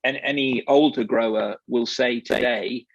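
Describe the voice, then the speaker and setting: A man in his sixties talks in a flat, even tone, pausing often and wandering through his points as he talks as a guest expert. The sound is dull and lo-fi, like video call audio, with a dry, close feel. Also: mid-range voice, dry recording. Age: 60s. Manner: hesitant, rambling, many fillers. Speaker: wine merchant, guest expert. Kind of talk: casual panel talk.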